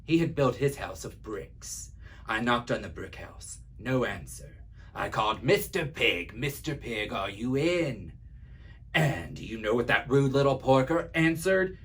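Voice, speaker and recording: A laid-back wolf, voiced by a man reading a storybook aloud, tells his side with a wry, confiding chattiness. The voice is husky and sits at an ordinary pitch. He sounds like he's letting you in on a secret. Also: expressive, a little slow, fairly bright tone. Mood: sly. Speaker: library storyteller. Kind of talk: read-aloud children's story.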